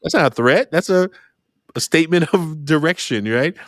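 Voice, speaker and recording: A middle-aged man hosting an interview podcast, talking in a lively storytelling way. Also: moderate pace, dry recording, studio quality. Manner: animated storyteller, jumps high when acting out exchanges. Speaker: podcast host. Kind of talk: conversational interview.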